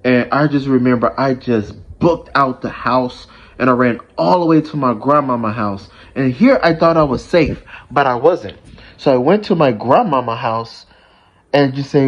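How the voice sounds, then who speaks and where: A man's voice: medium pitch, normal speed, muffled recording. A man telling a personal story in a casual vlog, rambling with lots of fillers and restarts.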